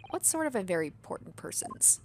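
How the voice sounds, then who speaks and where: A woman's voice: mid-range voice, wildly swooping pitch, brisk, noisy background. A woman voicing a polite, hesitant young male student while reading a game aloud.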